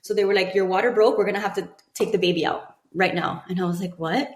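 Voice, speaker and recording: A woman in her thirties, a podcast guest telling a personal story with animated delivery, acting out what other people said. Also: mid-range voice, fast talker. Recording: echoey room.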